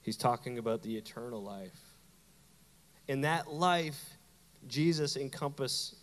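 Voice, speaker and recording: A middle-aged man, a pastor, giving a lively, conversational sermon with playful asides to his congregation. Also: medium pitch, a little slow, long reverb tail. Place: church sanctuary.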